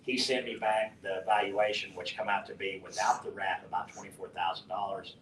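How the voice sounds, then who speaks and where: A middle-aged man from West Texas, telling a profane, animated story to a conference audience and acting out the dialogue. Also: brisk. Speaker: conference speaker. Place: conference hall. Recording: roomy, distant mic with faint rumble.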